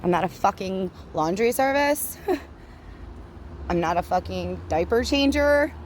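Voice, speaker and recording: A woman's voice: medium pitch, animated, slow pace, a little hiss or hum. A woman giving a blunt, profane, ranting monologue while walking outdoors, with frequent laughs, recorded on a handheld phone. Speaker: vlogger. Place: outdoors, walking near traffic.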